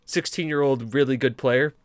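A young man co-hosting a gaming podcast, telling stories in a casual, animated, rambling way with many restarts. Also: medium pitch, normal speed. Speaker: podcast co-host. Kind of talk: casual storytelling chat.

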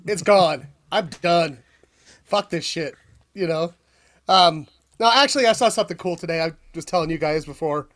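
High-pitched guy rambling thru a story on his podcast, lots of um and uh. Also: normal speed, a bit bright. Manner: rambling storyteller, filler-heavy, swears. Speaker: podcast host. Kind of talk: casual chat.

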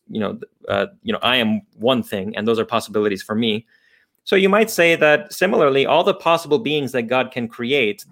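A man's voice: mid-range voice, a bit bright. Man thinking aloud through philosophy. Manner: thinking aloud, frequent restarts and fillers. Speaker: guest philosopher. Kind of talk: unscripted philosophical explanation.

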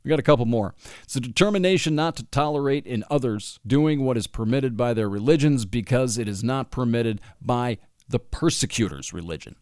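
A man's voice: mid-range voice, a little fast, a little mellow, clean tone, dry recording, studio quality. A man delivering an opinionated monologue, reading passages aloud from a book and breaking in with sarcastic asides and laughs.

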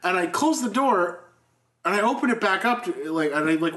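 A man's voice: high-pitched, animated, quick pace, a bit bright, distant mic. A man hosting a casual podcast, telling a profane story with lots of laughs. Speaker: podcast host. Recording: echoey room with faint noise.

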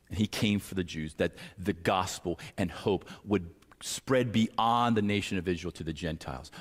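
A man preaching a sermon as pastor, earnest and at times acting out pleading voices. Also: lowish voice. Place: church sanctuary. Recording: church hall reverb.

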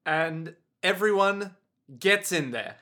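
A man's voice: sits high, lively intonation, slow, bright, forceful tone. A man co-hosting a podcast, trading sarcastic, sweary banter in casual comedic chat. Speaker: podcast co-host.

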